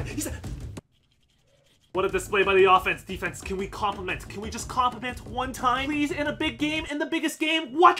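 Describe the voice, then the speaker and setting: A young man giving excited commentary on his own gameplay at home at night, swinging from hushed muttering to sudden yelps. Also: very high voice, a little fast, faint music behind. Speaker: gaming YouTuber.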